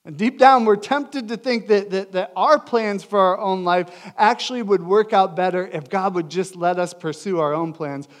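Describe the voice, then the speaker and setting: Earnest pastor with a higher voice. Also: male voice, normal speed, hardly any pauses. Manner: earnest, emphatic, swings between loud and hushed. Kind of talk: sermon.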